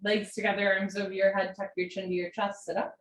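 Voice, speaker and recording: Yoga teacher lady, calm encouraging cues, kinda echoey home room. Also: mid-range voice, quick pace. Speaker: yoga instructor. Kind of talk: live-streamed yoga class instruction. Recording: roomy home recording.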